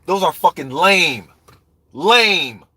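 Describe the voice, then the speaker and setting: A man's voice: sits high, lively intonation, slow, bright, forceful tone, slightly rough, no echo. A man ranting heatedly and profanely about boxing, talking straight to viewers in a live chat. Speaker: boxing commentator. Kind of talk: ranting live stream commentary.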